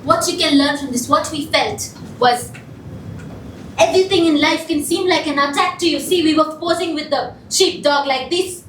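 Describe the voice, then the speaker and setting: A woman's voice: high voice, normal speed. A woman performing live improv comedy, lecturing in a mock-solemn way and quizzing the audience. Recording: echoey hall, far from the mic, noisy.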